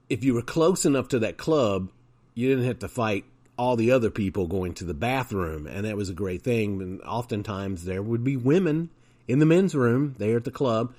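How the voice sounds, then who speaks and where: A man's voice: fairly low pitch, a little mellow. A man hosting a podcast, telling casual, chatty anecdotes in a monologue. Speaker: podcast host.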